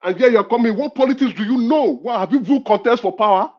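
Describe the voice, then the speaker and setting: A combative man lectures and talks over the others in a heated political debate. His voice sits high for a man. The audio is dull and lo-fi, like an online call. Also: fast talker. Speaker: caller in a political discussion.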